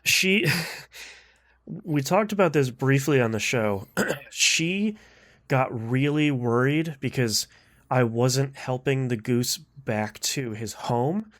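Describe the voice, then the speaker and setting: A man's voice: mid-range voice, expressive, slow, fairly bright tone. Laughing man hosting a gaming podcast. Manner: chatty, laughs often, many fillers. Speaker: podcast host. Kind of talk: casual gaming podcast chat.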